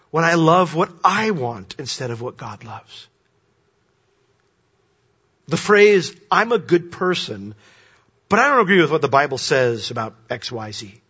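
A bright, lively male preacher whose voice rises high and loud on emphatic points, then drops to near-hushed asides. The tone is a touch husky. The recording sounds dull and lo-fi. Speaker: pastor. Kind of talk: sermon.

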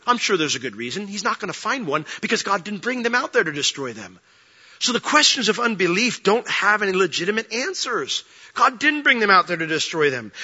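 A male pastor delivering a lively sermon, his voice bright and sharp, often jumping up in pitch as he acts out the questions of his listeners. The tone is husky, and the recording sounds a little dull and lo-fi. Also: big-room sound. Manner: animated, humorous preaching with acted-out quotes.

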